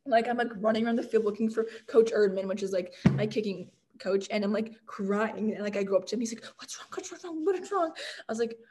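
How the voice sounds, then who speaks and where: A young woman from Canada telling stories in a casual interview, chatty and animated, full of "like" fillers and laughter. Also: mid-range voice, quick pace, hardly any pauses. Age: young adult. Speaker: guest, college football kicker.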